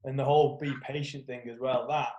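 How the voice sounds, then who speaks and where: A man of middling pitch co-hosts a casual podcast. He talks in a chatty, emphatic way and likes to banter. His voice carries a roomy echo. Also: fairly even intonation, brisk, a little mellow, lo-fi sound. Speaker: podcast co-host.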